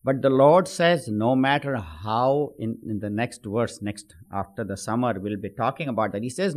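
A man's voice: medium pitch, moderate pace, few pauses. A man giving a spiritual discourse on scripture, explaining patiently with everyday examples and many fillers. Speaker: spiritual teacher.

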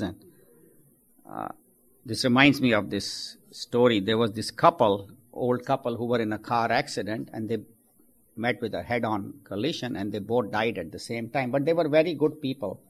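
A man giving a spiritual talk, telling humorous stories to make his point. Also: mid-range voice. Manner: joking storyteller. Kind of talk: sermon with anecdotes.

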